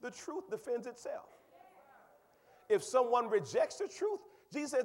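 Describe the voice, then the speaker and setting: A male pastor preaching a sermon, talking with the congregation and swinging from quiet asides to loud, high exclaims, with quick repeats of words. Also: sing-song. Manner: conversational, asks the congregation questions.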